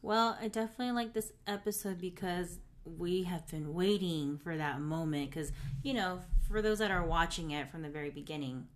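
A woman's voice: fairly low pitch, normal speed, slight background noise. A woman co-hosting a podcast, recapping a TV episode in casual chat and laughing often as she retells scenes. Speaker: podcast co-host.

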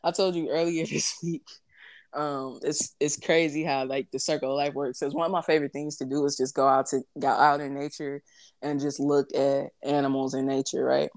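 A young woman with a deep, low-pitched voice in loose, casual conversation. She tells stories in an animated way, full of fillers and asides to her listeners, and hosts the talk. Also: moderate pace. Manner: animated storytelling, frequent fillers. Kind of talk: casual chat.

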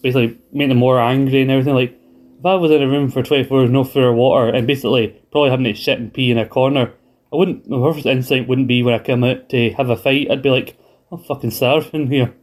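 A man's voice: medium pitch, steady tone, fast talker, a little mellow. Rambling man chatting wrestling. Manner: rambling, restarts often. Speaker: podcast co-host. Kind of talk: casual wrestling chat.

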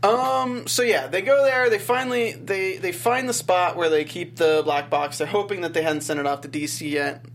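A man's voice: high-pitched, normal speed, hardly any pauses, a bit bright, a little hiss or hum. A man co-hosting a TV after-show, chatting casually and joking while recapping an episode.

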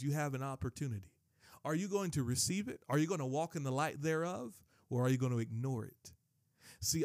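A man's voice: mid-range voice, darkish tone, no echo, clean studio sound. A man preaching a sermon with emphatic delivery, often repeating and restarting his phrases. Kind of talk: sermon teaching.

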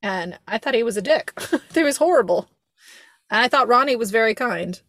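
A young woman hosting a podcast, chatting casually in a rambling, animated way, laughing often and swearing freely. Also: on the high side, moderate pace, no room sound, studio quality. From America. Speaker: podcast host. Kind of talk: casual chat.

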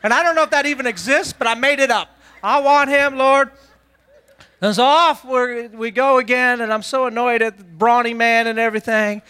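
A man's voice: extremely high pitch, brisk, hardly any pauses, pushed and bright, clear, resonant tone. A male pastor telling a funny, self-deprecating story in a sermon.

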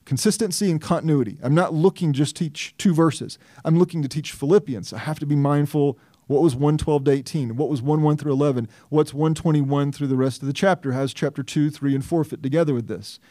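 A man's voice: on the high side, brisk, hardly any pauses, warm tone, no echo, clean studio sound. A man preaching an expository sermon as pastor. He reasons aloud in an earnest way, often restarting and putting questions to himself.

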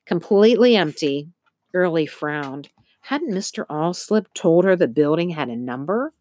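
Low-voiced woman narrating a storybook. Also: a little slow, slight background noise. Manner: steady storytelling, occasional slips. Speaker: audiobook narrator. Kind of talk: scripted narration.

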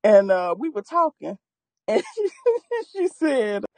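A woman's voice: mid-range voice, sing-song, slow pace, no echo. A young adult woman in a casual chat, playful and laughing through her story.

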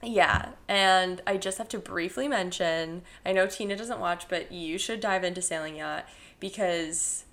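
A woman's voice: fairly low pitch, a little slow, fairly bright tone. A young woman co-hosting a podcast in casual chat, chatty and playful, laughing often. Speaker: podcast co-host.

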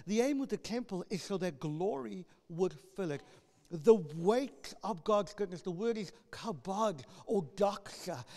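Brief: male pastor, high voice, passionate sermon, reverberant church hall. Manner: impassioned preaching, rising to loud proclamations when reading scripture.

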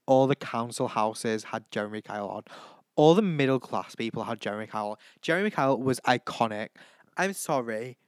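A man's voice: medium pitch, lively intonation, brisk, no echo. A young man rambles through a casual solo chat, giggling and saying sorry as he goes. His voice sits in a middle register and is recorded dry and close, with no room sound. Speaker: podcast host. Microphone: home microphone.

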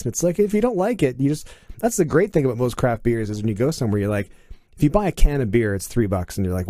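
A middle-aged man from Canada chats as a podcast guest and tells stories with animation, acting out the people he quotes. His voice is mellow and relaxed. It sits at an ordinary pitch and sounds dry and close. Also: rapid-fire, dry recording. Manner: animated, acts out quoted dialogue. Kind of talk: casual conversation, storytelling.

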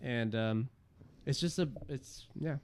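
A man co-hosting a podcast, directing a scene reading in casual chat, halting and full of restarts. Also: medium pitch, darkish tone, a little hiss or hum. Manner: halting, restarts a lot, bossy about the scene.

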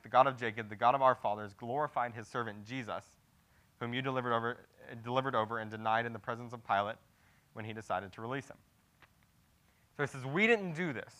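A man's voice: medium pitch, bright, forceful tone. A young man preaching a sermon, teaching through a Bible passage in a casual, conversational way that builds to emphatic declarations.

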